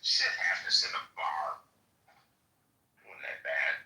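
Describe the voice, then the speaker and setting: A man's voice: rumbling low, flat delivery, takes it slowly, pushed and bright, roomy sound, far from the mic, rough recording. An older man talking bluntly and casually on a call. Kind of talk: casual chat.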